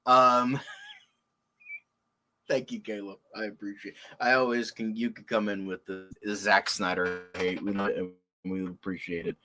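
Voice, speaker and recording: A man hosting a casual reaction show, excitable and rambling, swearing often and laughing. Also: fairly low pitch, a little slow. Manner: excitable, swears a lot, lots of filler words and laughs. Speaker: podcast host.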